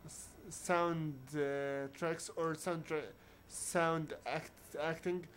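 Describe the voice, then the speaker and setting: A man giving casual commentary on a video game playthrough, talking haltingly with many restarts and searching for words. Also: a little high, steady tone, a little hiss or hum. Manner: reads on-screen dialogue aloud in his own voice. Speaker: video game let's player.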